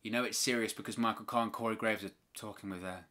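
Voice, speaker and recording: Bright-voiced man calling wrestling live. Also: on the low side, steady tone, quick pace. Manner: opinionated, exasperated rants. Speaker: watch-along host.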